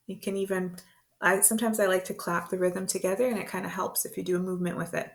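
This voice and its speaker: A woman teaching beginner words to parents, slow and patient, repeating each word in rhythm. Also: fairly low pitch, gravelly. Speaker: language teacher. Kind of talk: beginner language lesson.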